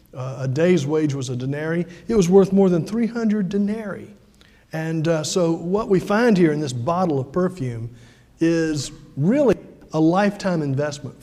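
Male pastor, high mellow voice, chatty sermon in a reverberant church. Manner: conversational preaching with frequent fillers and restarts.

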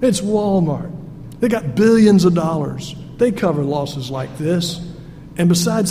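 A little slow yet animated, a man with a high voice and dark tone preaches a folksy sermon that is both humorous and emphatic. The recording was made in a church sanctuary, echoey and faintly noisy.

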